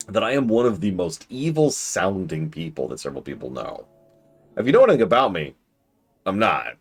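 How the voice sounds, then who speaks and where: Deep-voiced, gravelly male streamer. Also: fairly quick, faint music behind. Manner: wry, self-mocking, lively. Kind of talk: casual game commentary.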